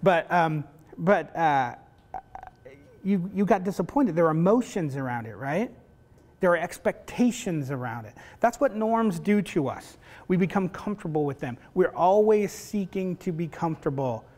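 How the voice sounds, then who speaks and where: A middle-aged university professor with a fairly high, slightly mellow voice teaches a class of facilitators at a moderate pace. He lectures conversationally and animatedly, often tossing in "right?" and acting out family stories.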